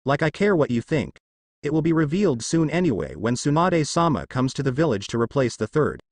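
A man voicing a cold, arrogant young male ninja clan head in a fan story reading, with a flat, mocking delivery. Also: medium pitch, brisk, dry recording, clean studio sound.

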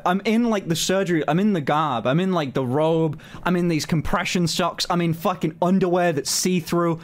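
Animated, swearing male streamer, fairly high voice. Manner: animated, swears a lot, many fillers. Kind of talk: casual storytelling on a stream.

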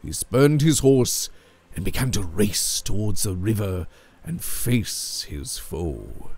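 A man retelling an old legend in measured, dramatic scripted narration. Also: lowish voice, sing-song, a little mellow, breathy edge, no echo. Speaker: storyteller.

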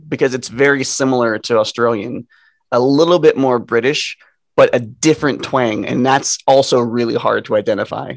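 A man's voice: medium pitch, dry recording. A man co-hosting a podcast in casual chat, rambling and cutting himself off, laughing often. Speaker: podcast co-host.

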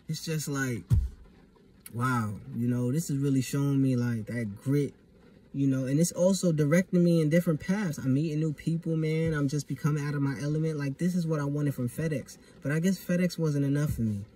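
A man's voice: on the high side, moderate pace, warm tone, recorded from a distance, slight background noise. A young man talking in a casual vlog monologue, emphatic and profane, full of street slang. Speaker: vlogger.

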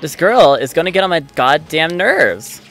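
A man giving live commentary on his own gameplay, excitable and frustrated, swearing often. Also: fairly high pitch, normal speed. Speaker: let's play gamer. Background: faint game music.

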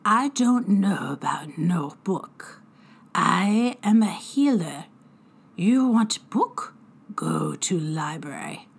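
A woman's voice: fairly low pitch, lively intonation, slow, creaky, breathy edge, exaggerated voice. A woman voicing an old, drunken female fairy healer who talks in whispery, broken speech. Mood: cagey.

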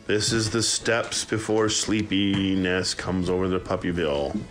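A man who breeds dogs, chatting casually to viewers while filming his puppies at play and often cooing to them in a high voice. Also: fairly even intonation, unhurried, soft background music. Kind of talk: casual running commentary to viewers.

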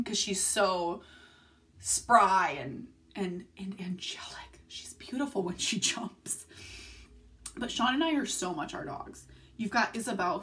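A woman's voice: medium pitch, a bit bright. A young woman vlogging casually from home at night, rambling through tangents and swearing often. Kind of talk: casual confessional vlog. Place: home room, filmed at night.

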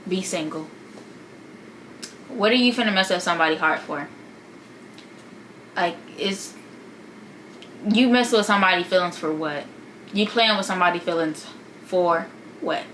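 Bright-voiced young woman giving sassy advice. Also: on the low side, a little slow, long pauses, slight background noise, rough recording. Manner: sassy, slangy, talks straight to viewers. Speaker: vlogger. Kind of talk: casual advice vlog.

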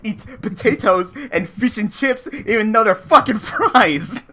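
A man's voice: high-pitched, unhurried, pushed and bright, a little hiss or hum, pitched above the performer's own voice. A man putting on a mock British accent to play a cocky young man bragging about himself. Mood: mocking boastful. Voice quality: boastful, mocking.

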